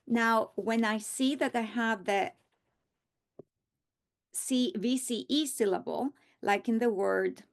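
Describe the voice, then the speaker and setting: A woman teaching a reading lesson, modeling words slowly and deliberately. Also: a little high, gravelly. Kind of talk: instructional lesson.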